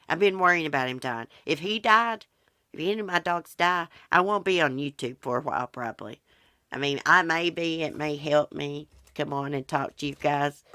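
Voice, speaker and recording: A woman's voice: deep voice, sharp tone, clear, resonant tone, dry recording, clean studio sound. A woman with an American country accent, hosting a livestream and chatting casually with viewers, rambling in a folksy way. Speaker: livestream host. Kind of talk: casual livestream chat answering viewer comments.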